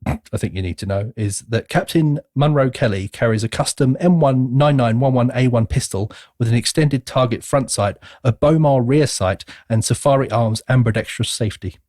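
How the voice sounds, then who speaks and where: A man's voice: mid-range voice, moderate pace, hardly any pauses, darkish tone, no echo. A man co-hosting a podcast, chatting in a dry, matter-of-fact way about films. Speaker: podcast co-host. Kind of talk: casual film chat.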